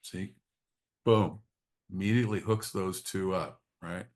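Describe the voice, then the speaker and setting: A man with a fairly low voice leads a spiritual study group in a reflective teaching talk. He speaks haltingly, often repeating his words and adding quick tag questions to check in with his listeners. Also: fairly even intonation, darkish tone.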